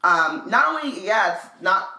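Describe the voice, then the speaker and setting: Rich: A woman talking casually and thoughtfully about a book she reads aloud with a friend, with many pauses and fillers. Her voice is bright and forward, and the room around her is echoey. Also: medium pitch, sing-song. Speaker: co-host. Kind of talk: book read-along chat.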